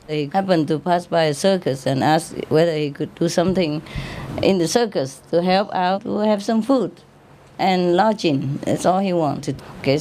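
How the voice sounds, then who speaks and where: A woman's voice: on the low side, darkish tone. A playful woman tells jokes to a gathering, breaking into laughter again and again. Her talk is loose and teasing. A faint hum of noise sits under the voice. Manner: laughs often while talking, teasing, playful. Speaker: spiritual teacher telling jokes to an audience. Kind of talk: casual joke-telling talk.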